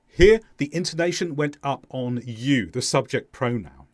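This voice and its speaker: Lively-pitched male English teacher. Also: no room sound, studio quality. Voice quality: clear, deliberate teaching voice with exaggerated intonation in examples. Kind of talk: scripted lesson.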